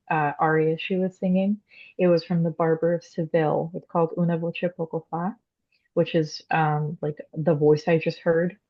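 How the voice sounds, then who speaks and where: A woman's voice: sits low, dull audio. Young woman explaining singing, lots of fillers. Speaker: podcast guest, classically trained soprano. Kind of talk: casual interview chat.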